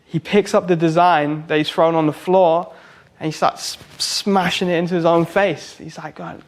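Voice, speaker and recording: A man's voice: fairly high pitch, steady tone, moderate pace. A man, a tattoo artist and singer, telling stories in a casual, rambling way full of "like" and restarts. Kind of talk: casual anecdote storytelling.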